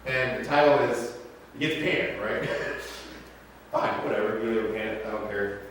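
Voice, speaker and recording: At a measured pace, a pastor in his thirties narrates stories in a conversational sermon, wandering into asides. His voice is fairly low yet a little bright; the sanctuary echoes strongly, the mic is distant, and faint hum can be heard.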